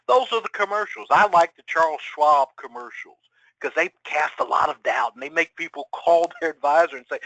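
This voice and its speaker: Bright, energetic male webinar presenter. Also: a little high, no echo, poor audio. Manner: energetic, rhetorical questions, acts out quoted clients. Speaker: webinar presenter for financial advisors.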